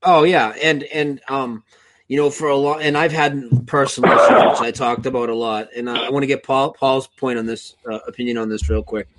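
A man's voice: mid-range voice, steady tone, normal speed, fairly bright tone, rough recording. A man hosting a casual podcast chat, asking his guests meandering questions full of fillers. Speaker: podcast host.

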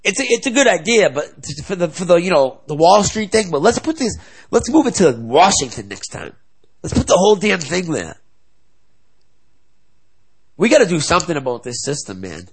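A man's voice: sits high, big pitch swings, normal speed, slightly rough, low-quality recording. A young man ranting angrily to his viewers in a fired-up video blog. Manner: angry, fired-up political rant. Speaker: video blogger. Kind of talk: ranting to camera.

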